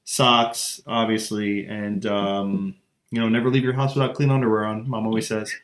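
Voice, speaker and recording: A man's voice: fairly low pitch, level tone, moderate pace, roomy sound, crowd noise. A male podcast co-host chatting casually, laid-back, with many ums, giving friendly advice. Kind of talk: casual live chat.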